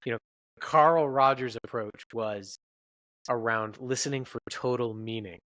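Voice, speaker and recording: A man's voice: mid-range voice, a little slow, a bit bright, no room sound, low-quality recording. A man, a researcher guest on a podcast interview, explaining his work in an earnest, explanatory way.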